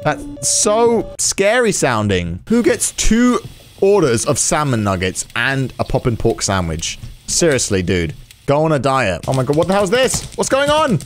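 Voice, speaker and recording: A man's voice: sits high, a bit bright, a little hiss or hum. A man giving casual gameplay commentary with exaggerated reactions, sarcasm and swearing. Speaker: gaming channel host.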